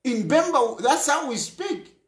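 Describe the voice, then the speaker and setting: A man's voice: very high-pitched, animated, unhurried, a bit bright, reverberant. A Zambian man hosting a talk show, speaking in an impassioned political monologue and repeating phrases for emphasis.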